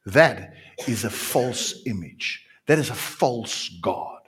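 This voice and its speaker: A man, preaching a sermon with emphatic, drawn-out repetitions that swing from quiet to loud. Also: medium pitch, expressive. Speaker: pastor.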